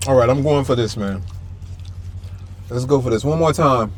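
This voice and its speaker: A man's voice: mid-range voice, normal speed, slight background noise. A man hosting a casual food-tasting vlog from the back seat of a parked car, chatting to viewers while he chews and hums his approval. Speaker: food vlogger host. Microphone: camera-mounted mic, a little far off.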